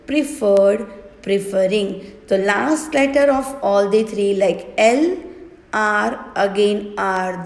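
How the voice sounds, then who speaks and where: A woman with an Indian English accent teaches a grammar lesson at a slow, careful pace. Her voice sits fairly high and she spells words out letter by letter. The recording is roomy, with a long echo trailing her words. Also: darkish tone. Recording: echoey room with long reverb.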